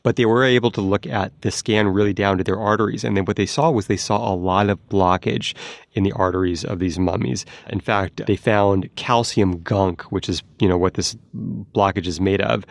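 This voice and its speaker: Male science correspondent, low and gravelly, dry close-mic podcast sound, explains eagerly. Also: no echo. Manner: lively, explanatory, demonstrates sounds.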